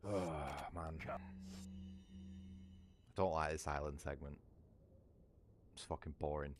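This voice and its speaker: A man's voice: extremely low pitch, fairly even intonation, slow, noisy background. A British man chatting casually on a gaming livestream, rambling and swearing a lot, often asking "you know what I mean". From Britain. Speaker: streamer.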